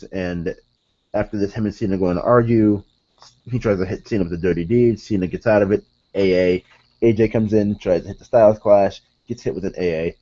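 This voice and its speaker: Male podcast host, low mellow voice, rambling casual recap, dull home recording. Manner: rambling, many fillers and self-corrections. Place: room with curtains behind him.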